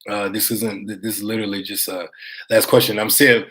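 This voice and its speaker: A man's voice: on the low side, level tone, a little fast, a bit bright. An American man vlogging live, chatting casually to his viewers in a rambling, conversational way, reading their comments aloud and swearing now and then. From United States.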